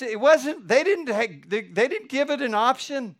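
Fervent high-voiced male pastor preaching. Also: animated, moderate pace, hardly any pauses, fairly bright tone. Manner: fervent, building to emphatic exhortation. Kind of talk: sermon.

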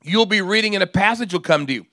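A middle-aged male pastor preaching a sermon, swinging from hushed, drawn-out phrases to loud, emphatic declarations. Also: high-pitched, no echo, clean studio sound.

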